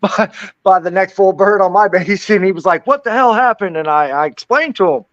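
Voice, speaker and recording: A military veteran telling a profane, animated story on a casual podcast and acting out the quotes. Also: male voice, sits high, brisk, no echo, highs cut off.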